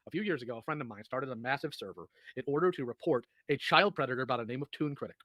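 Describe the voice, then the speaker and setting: A man's voice: mid-range voice, fast talker, bright, forceful tone, dry recording, clean studio sound. A man lecturing someone in a heated, insistent rant, repeating himself and demanding answers. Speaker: streamer in an online argument.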